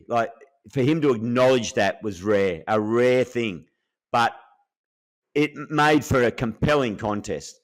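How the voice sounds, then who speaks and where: A man's voice: mid-range voice, unhurried. A middle-aged man, a former cricketer, recalling an old rival in earnest, reflective podcast chat.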